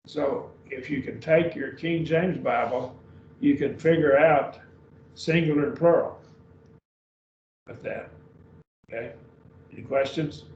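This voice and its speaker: A man's voice: on the high side, darkish tone. A man teaching a beginning Greek class at a church, patient and often checking whether students follow. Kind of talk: classroom lesson. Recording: dull roomy sound from far off.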